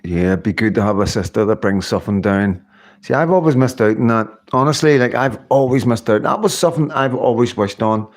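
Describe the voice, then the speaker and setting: A man's voice: on the low side, brisk. A middle-aged man hosting a casual livestream, chatting in a rambling way and laughing often. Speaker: livestream host. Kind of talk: casual live-stream chat.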